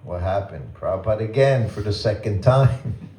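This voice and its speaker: Older man, low voice, gentle chuckling storyteller, temple talk, echoey hall. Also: animated, normal speed, recorded from a distance, slight background noise. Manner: gentle, chuckling anecdotal delivery. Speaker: guest speaker at a temple. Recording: roomy temple hall with faint ambience.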